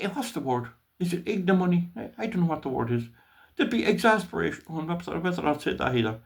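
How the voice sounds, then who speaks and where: Older irish man, storyteller, lively up-and-down pitch, playful, stammers over repeated words. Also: fast, creaky. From Ireland. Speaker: channel host telling a story. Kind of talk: casual spoken storytelling.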